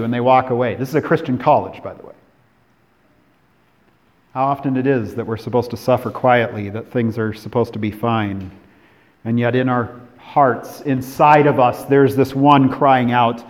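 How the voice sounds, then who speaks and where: Pastor guy from california preaching, goes loud then real quiet, big echoey church hall. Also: medium pitch, fairly even intonation, moderate pace. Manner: dramatic preaching, swinging from emphatic to hushed. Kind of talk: sermon. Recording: long hall reverb.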